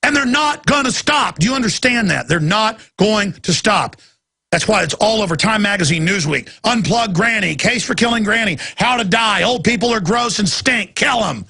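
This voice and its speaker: Gravelly ranting male radio host. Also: sits high, animated, normal speed. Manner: ranting, mocking voices, sudden shouts. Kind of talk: heated talk radio monologue.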